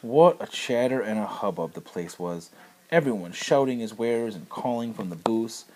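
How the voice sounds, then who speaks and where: A man narrating a children's story with expressive, storytelling delivery. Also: lowish voice, moderate pace. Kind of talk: storybook reading.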